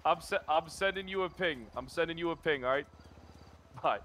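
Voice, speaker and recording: Incredulous man with a bright voice. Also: fairly high pitch, normal speed. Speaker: role-play character. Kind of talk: in-character role-play talk.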